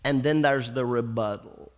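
A man's voice: medium pitch, long reverb tail. A male pastor preaching a sermon, drawing words out for emphasis and calling for amens from the congregation. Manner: dramatic preacher, slows and drawls for emphasis, calls for amens. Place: church sanctuary.

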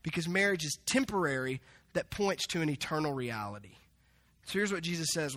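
Male pastor, high bright voice, lively storytelling sermon with playful acted-out quotes. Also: fairly quick. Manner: animated, acts out quoted voices with humor.

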